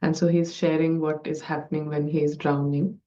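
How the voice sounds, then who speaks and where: A woman with a low, mellow voice speaks in a flat, even tone as she casually sets up a story. She sounds distant from the mic, and the recording is dull and lo-fi. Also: normal speed.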